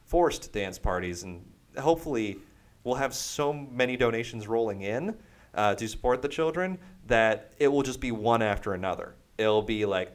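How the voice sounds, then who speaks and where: A man's voice: mid-range voice, expressive, moderate pace. A man hosting a casual gaming podcast, upbeat and chatty, rambling along with plenty of "uh"s as he plugs a charity stream. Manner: upbeat, promotional, rambling with many fillers. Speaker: podcast host.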